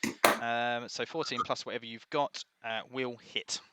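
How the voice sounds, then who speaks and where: Bright-voiced game master. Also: male voice, mid-range voice, measured pace. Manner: relaxed, chatty, rambling. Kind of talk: casual game narration. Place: home room with pets.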